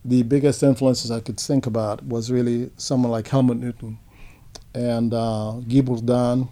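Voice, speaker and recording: Older guy reminiscing in an interview, warm mellow tone, easygoing and unhurried, lots of uhs. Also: mid-range voice, level tone. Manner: unhurried, reflective storytelling with frequent uh fillers. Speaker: interview guest, photographer. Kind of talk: relaxed storytelling interview.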